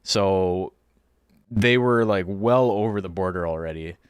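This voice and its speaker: A man's voice: deep voice, a little slow, clean tone, dry recording. A young man, a streamer chatting casually and telling rambling stories, swearing freely. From Canada. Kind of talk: casual stream chat and storytelling.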